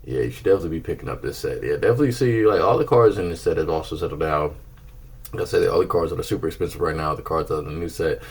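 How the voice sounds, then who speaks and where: Very deep, husky-voiced laid-back man. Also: racing, darkish tone. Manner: laid-back, playful, breaks into silly singsong. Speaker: channel host reviewing card prices. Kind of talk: casual market rundown.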